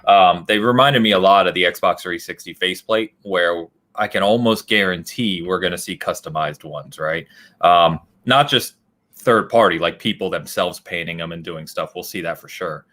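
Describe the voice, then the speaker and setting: A man's voice: deep voice, normal speed, a bit bright. A man co-hosting a podcast, talking casually and animatedly, laughing often and thinking aloud with fillers. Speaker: podcast co-host.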